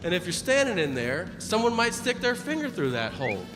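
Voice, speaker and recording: A man voicing a gruff middle-aged male adult-store clerk who talks in a flat, matter-of-fact way. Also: high voice, a little fast, in a large hall, music in the background. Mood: blunt.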